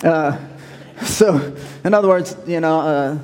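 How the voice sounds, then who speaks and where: A man's voice: fairly high pitch, slow pace, darkish tone, big-room sound. A male pastor, preaching a sermon in a folksy, conversational storytelling way.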